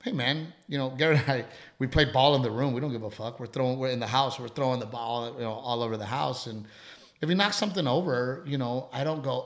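A middle-aged man co-hosting a casual talk show. He talks in an animated way, jumps into little voices for what others said, and swears freely. His pitch sits in the middle for a man. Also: a little fast. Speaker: podcast co-host. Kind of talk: casual chat.

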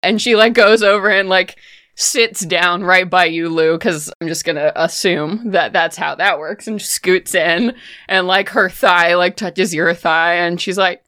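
A woman's voice: lowish voice, a little slow, sharp tone. A woman narrating a tabletop game as game master, loose and casual, swearing freely.

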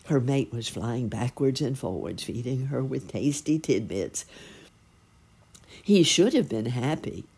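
Slow husky woman reading a children's story. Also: rumbling low. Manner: slow, gentle, expressive storytelling.

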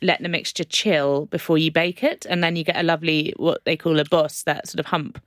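Low-voiced woman chatting about cooking. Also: steady tone, a little fast, dry recording, clean studio sound. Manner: chatty, self-deprecating, enthusiastic about food. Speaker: guest food writer. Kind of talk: casual podcast chat.

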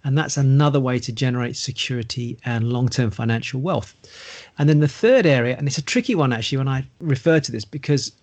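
A man's voice: mid-range voice, brisk, darkish tone. A middle-aged man, explaining investing and property in a casual podcast conversation, running through long lists. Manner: explanatory, long listing run-ons.

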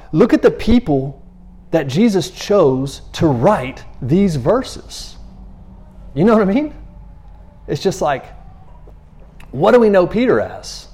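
Male preacher, casual and animated delivery, talks like he's chatting with friends, restless rhythm. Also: fairly high pitch. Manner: animated, repeats himself, acts out quotes in passing. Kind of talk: conversational sermon.

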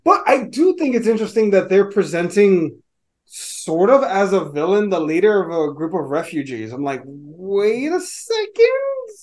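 Lively high-voiced man, swearing. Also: normal speed. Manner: animated, swears freely. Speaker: podcast co-host. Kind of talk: casual chat.

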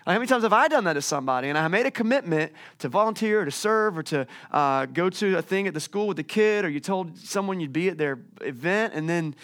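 Guy preaching up on a church stage, pretty high voice, chatty stories, keeps restarting his sentences. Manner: lively storytelling with frequent restarts. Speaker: pastor. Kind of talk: sermon. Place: church stage with a screen behind him.

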